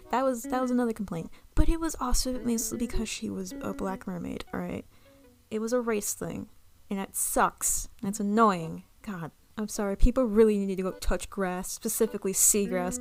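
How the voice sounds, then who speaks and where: A young woman talking casually and excitably as she vlogs over a speedpaint, rambling with restarts and asides. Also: mid-range voice. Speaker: artist vlogger.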